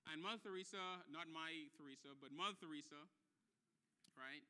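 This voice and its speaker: A male pastor delivering a sermon in a high, very bright voice. He leans on repetition and chatty asides to his congregation. He swells from hushed, intimate moments into loud, impassioned preaching. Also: normal speed, clear, resonant tone. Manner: repeats phrases for emphasis, conversational asides.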